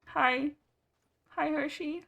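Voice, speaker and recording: A woman's voice: high-pitched, extremely slow, creaky, a bit bright. A young woman streaming a story game, reacting with giddy, laughing, flustered commentary. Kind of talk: excited live reaction commentary. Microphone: headset with earbuds.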